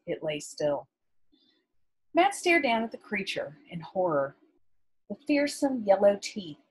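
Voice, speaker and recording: A woman teacher reading a novel aloud to her class in a measured, expressive way, with brief asides to her students. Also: lowish voice, slightly rough, rough recording.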